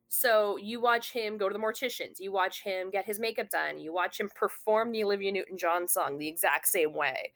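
A woman's voice: mid-range voice, normal speed, fairly bright tone. A woman in casual conversation, telling a long story with many fillers and restarts. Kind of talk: casual chat.

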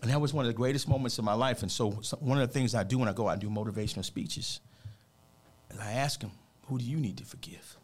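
A man's voice: medium pitch, fast, slight background noise. A man who works as a motivational speaker, telling a personal story with heartfelt, emphatic, almost preacher-like earnestness during a radio interview.

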